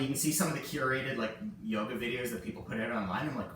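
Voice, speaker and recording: A man guides a relaxed yoga session in a very echoey room, heard from a camera mic set well back. His talk is loose and chatty, full of little self-deprecating jokes, with a faint hiss under it. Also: mid-range voice, brisk, far from the mic. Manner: chatty and self-joking, laughs often. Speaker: yoga teacher. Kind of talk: casual live-streamed yoga class.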